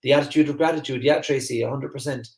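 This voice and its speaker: An energetic Irish man with a Kerry accent, hosting a live stream and talking quickly with plenty of restarts. His voice sits at an ordinary middle pitch. The room around him gives the sound a noticeable echo. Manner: fast, energetic, chatty, many fillers and restarts. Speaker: host of a live online masterclass. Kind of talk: live-stream talk to viewers, reading the chat.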